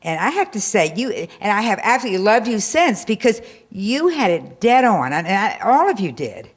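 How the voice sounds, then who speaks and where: A woman's voice: mid-range voice, very animated, moderate pace. Gushing woman from the audience. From Atlanta area, southern US. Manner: rambling, effusive, gushing. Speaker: audience member.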